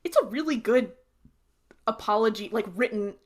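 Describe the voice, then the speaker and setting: A woman's voice: fairly high pitch, normal speed. Chatty young woman podcast host. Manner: chatty, lots of "like", animated retelling. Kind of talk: casual chat, recapping an episode.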